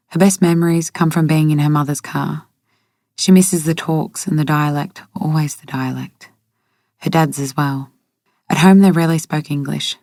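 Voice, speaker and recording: A woman narrating an audiobook in a steady, even way. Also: low voice, no room sound, clean studio sound.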